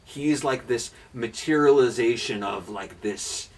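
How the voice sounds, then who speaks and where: A young man hosting a casual podcast chat, rambling and swearing freely with animated asides. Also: mid-range voice, a little slow, distant mic. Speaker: podcast host.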